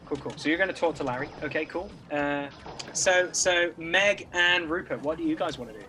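A man serves as game master, easygoing and casual, describing scenes with plenty of fillers. His voice is slightly high for a man. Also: fairly quick, rough recording. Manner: relaxed, casual, lots of fillers. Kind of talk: narrating a tabletop game.

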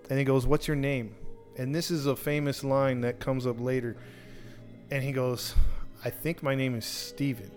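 A man hosting a podcast, casually telling a true crime story with many restarts and acted-out quotes. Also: mid-range voice.

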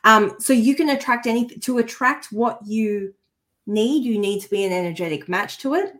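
A woman's voice: fairly high pitch, normal speed, a bit bright. A woman who works as a spiritual healer, chatting earnestly and with feeling on a podcast, often restarting her sentences. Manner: earnest and heartfelt, easily moved; chatty, with frequent restarts and asides. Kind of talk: casual conversational chat.

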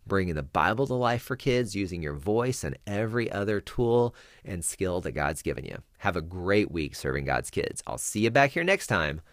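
A man hosting a podcast for children's ministers, teaching Bible storytelling with dramatic pauses and hushed whispers. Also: low voice, very animated, no echo, studio quality.

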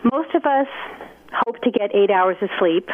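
A woman's voice: medium pitch, expressive, measured pace. A woman guest expert explains steadily, laying out points with frequent ums. Her voice comes through a thin, narrow phone line. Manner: clear, explanatory, many ums. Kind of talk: interview explanation.

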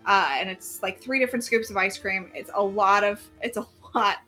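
Female co-host, bright and casual, rambling delivery, light music bed. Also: mid-range voice, steady tone, brisk. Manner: rambling, filler-heavy chat. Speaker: podcast co-host. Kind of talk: casual podcast chat.

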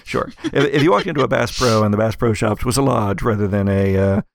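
A man narrating as game master in an actual-play show, laid-back and halting with fillers. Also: on the low side, gravelly, dry recording, clean studio sound.

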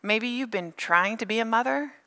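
Bright, animated woman pastor preaching. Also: fairly high pitch, moderate pace. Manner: animated, playful storytelling with funny asides. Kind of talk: sermon.

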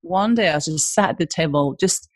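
A woman with a northeast English accent, a guest in a casual podcast interview, chatting in a lively way and jumping up in pitch when excited. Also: a little fast, no echo. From northeast England. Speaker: guest, small business owner.

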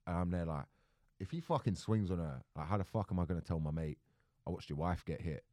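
A young man talks casually on a podcast. He acts out every voice in his stories and swears freely. His voice sits a bit low, and the recording is close and dry. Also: lively intonation, quick pace, darkish tone, dry recording. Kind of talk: casual chat.

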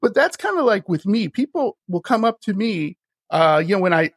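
Male podcast host, gravelly voice, lively storyteller who acts out the people he quotes. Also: high voice, normal speed, dry recording. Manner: animated, laughs often, acts out voices in his stories. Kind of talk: casual storytelling chat.

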